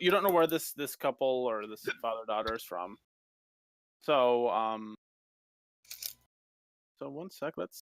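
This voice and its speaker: A man running a tabletop game as game master, narrating casually and haltingly. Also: mid-range voice, vocal fry, no room sound. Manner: casual, halting, many fillers.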